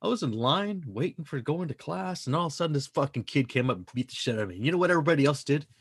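A man's voice: fairly high pitch, expressive, racing, husky, no echo. Swearing, emphatic podcast co-host man. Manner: profane, emphatic, rambling. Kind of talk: casual podcast chat.

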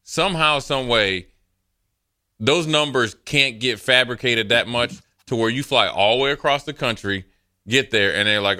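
A man's voice: mid-range voice, moderate pace, pushed and bright, dry recording, clean studio sound. A man co-hosting a casual sports talk show, explaining his view in a confident, chatty way. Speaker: co-host.

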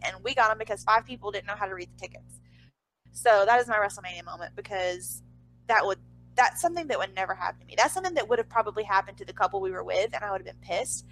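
A woman's voice: quick pace, fairly bright tone, slight background noise, poor audio. A woman casually telling a personal story, chatty and full of "like", swearing now and then and acting out others' lines. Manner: acts out others' lines in a higher voice.

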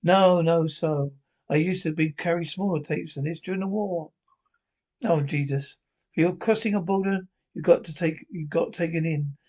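Casting: actor as a crude, bickering old pensioner, slightly high voice. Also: male voice, normal speed, a little mellow, lightly acted. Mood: banter. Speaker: sitcom pensioner. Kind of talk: broadcast sitcom acting.

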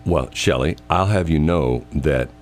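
A man co-hosting a casual talk show, animated and laughing, his voice leaping up when he is incredulous. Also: extremely low pitch, unhurried, a little hiss or hum. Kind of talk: casual banter.

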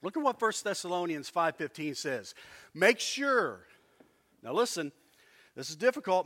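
A middle-aged male pastor preaches with a high, bright voice. He tells stories with animated asides and calls back to the congregation. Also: moderate pace, pauses often. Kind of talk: sermon.

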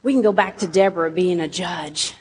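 A woman's voice: lowish voice, a little fast, a little mellow, a little hiss or hum. A woman pastor, preaching a sermon in a conversational way and teasing her congregation with asides.

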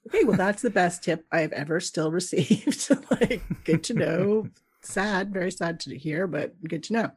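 A middle-aged woman from Canada, a guest telling travel stories in a casual interview, lively and laughing often as she acts out the people she met. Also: on the low side, a little slow, slightly rough.

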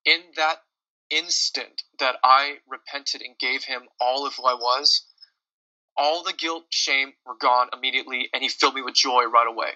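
A lead singer, interviewed as a guest, tells a personal story in an earnest, heartfelt way, restarting his sentences many times. His medium-pitched voice is steady and sharp at a normal speed, captured on dull lo-fi audio.

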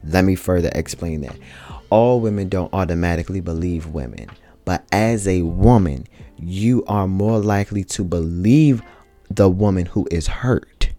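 A man's voice: low voice, warm tone. A man talking earnestly in a reflective personal monologue, speaking colloquially to his listeners and repeating key points for emphasis.

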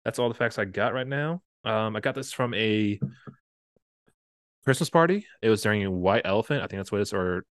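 Young man, casual podcast host, joking, slightly drunk, low voice, dry close sound. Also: fairly quick, no room sound. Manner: joking, rambling, tipsy banter with fillers. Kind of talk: casual chat.

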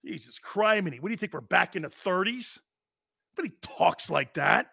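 A man's voice: high voice, animated, normal speed, vocal fry, bright, forceful tone, slightly rough, no echo, clean studio sound. A man hosting a live sports talk show, ranting in a blunt, profane, repetitive and heated way.

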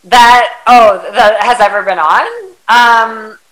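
A woman guest chatting about relationships in a reflective, advice-giving way, with plenty of ums and pauses. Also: a little high, a bit bright, rough recording. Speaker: podcast guest, charter yacht crew. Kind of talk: casual interview chat.

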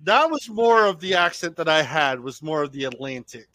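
A man from Maryland chatting casually on a podcast, blunt and quick to swear. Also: a little high, big pitch swings, bright, forceful tone, no echo. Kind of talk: casual chat.

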